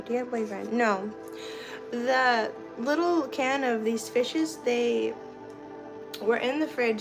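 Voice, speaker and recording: A woman's voice: a little high, rough recording. A young woman chatting casually on a livestream from her kitchen, reading viewer comments and laughing easily. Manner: chatty, giggly, reads and answers viewer comments. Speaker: livestream host. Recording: clear music in the background. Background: music playing.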